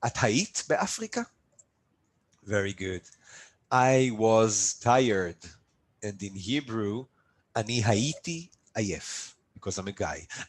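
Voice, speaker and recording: A Hebrew teacher with a fairly low-pitched voice leads a live online language lesson over a video call, upbeat and coaxing students to repeat drills after him. The recording quality is low.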